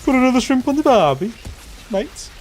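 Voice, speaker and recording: A man voicing a goofy loud bloke with an exaggerated, sing-song mock Aussie-Brummy twang. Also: very high voice, big pitch swings, fairly quick, a little hiss or hum, pitched above the performer's own voice. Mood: silly.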